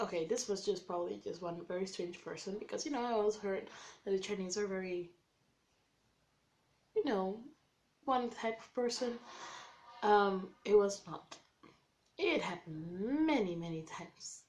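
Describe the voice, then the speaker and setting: A woman vlogger casually telling a personal story to camera, acting out quoted dialogue and using lots of "like.". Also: medium pitch. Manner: animated, acts out quoted dialogue with many "like"s.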